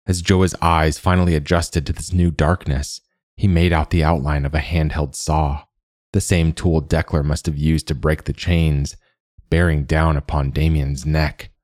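This dark fantasy tale is read by a male audiobook narrator whose voice is extremely deep and whose delivery is slow and deliberate. The sound is close-miked and dry, free of any room ambience, and his tone holds level throughout.

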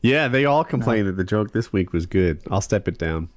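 A man's voice: lowish voice, expressive, brisk, no echo. A middle-aged man co-hosting a casual podcast, joking, laughing often and telling stories loosely. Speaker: podcast co-host.

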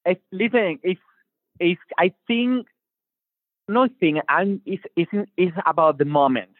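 Animated man with a Spanish accent. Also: sits high, unhurried, no echo. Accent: Latin American Spanish. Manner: animated, restarts often, acts out quotes. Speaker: singer-songwriter guest. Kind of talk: casual interview talk. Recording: tinny phone-line call.

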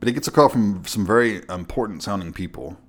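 Man, very low voice, casual movie podcast chat, relaxed storytelling. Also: quick pace. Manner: laid-back storyteller, chuckles often. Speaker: podcast co-host. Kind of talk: casual film recap chat.

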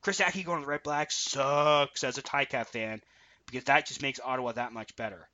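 A man co-hosting a sports podcast, giving opinionated, animated takes in casual chat over dull lo-fi audio. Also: mid-range voice, brisk. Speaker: podcast co-host.

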